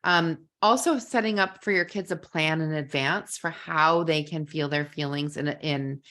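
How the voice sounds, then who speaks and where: A middle-aged woman coaching parents in a relaxed, talky masterclass. Her voice sits a little low, and she keeps dropping "like" as she talks. Every so often she jumps up into playful acted-out quotes. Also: unhurried. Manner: chatty, many "like" fillers, acts out quoted lines. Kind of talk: live masterclass teaching.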